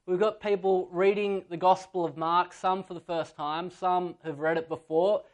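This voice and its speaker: A man's voice sits high, with a steady tone and normal pacing, as he preaches. The speaker is a pastor who tells anecdotes and at times acts out a child's voice.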